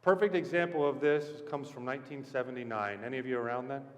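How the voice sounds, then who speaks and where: A male pastor preaching an animated storytelling sermon, asking the congregation questions. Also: medium pitch, fast talker. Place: church sanctuary. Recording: echoey church hall.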